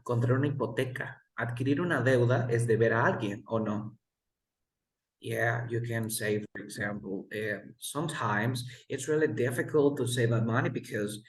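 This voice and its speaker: A male English tutor speaks slowly and deliberately on a video call, repeating each word so his student can copy it. His voice carries a roomy echo, as if he is in a bare room. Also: mid-range voice. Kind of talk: online one-on-one English lesson.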